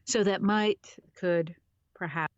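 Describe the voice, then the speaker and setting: A woman's voice: on the low side, steady tone, slow, smooth, dry recording, lo-fi sound. A woman narrating a novel on a live stream, often stopping to re-read lines and laughing at her own slips. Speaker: audiobook narrator.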